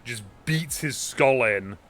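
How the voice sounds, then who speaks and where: Casting: bright-toned male podcast host, chatty recapper, filler-heavy delivery. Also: medium pitch, lively intonation, takes it slowly, no room sound. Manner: rambling recaps with acted-out quotes and many ums. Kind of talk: casual movie review chat.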